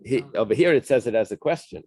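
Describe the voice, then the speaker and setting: A man leading a Talmud study class, reading Aramaic passages and translating them in a casual, halting way with many fillers and restarts. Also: mid-range voice, lively intonation, a little mellow. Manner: casual, thinking aloud.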